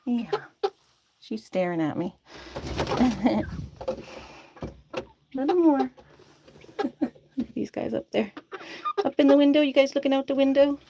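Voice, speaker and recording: A woman's voice: high voice, fairly even intonation, a little slow, vocal fry, pauses often, background noise. A woman chatting casually and coaxing her chickens to drink by their coop outdoors, laughing often. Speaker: chicken keeper vlogger.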